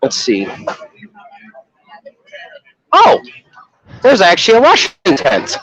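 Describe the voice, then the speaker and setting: A man's voice: high-pitched, wildly swooping pitch, takes it slowly, fairly bright tone, breathy edge, no room sound. A man chatting casually on a walking livestream at an outdoor festival, laughing often and slipping into mock voices for his stories. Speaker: streamer. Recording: dull lo-fi livestream audio.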